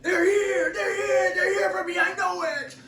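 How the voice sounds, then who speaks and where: A man's voice: extremely high pitch, level tone, unhurried, sharp tone, roomy sound, recorded from a distance, voice pushed up, exaggerated voice. A man voicing a terrified, paranoid male jail inmate who screams in panic. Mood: panicked screaming. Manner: shrieking in panic.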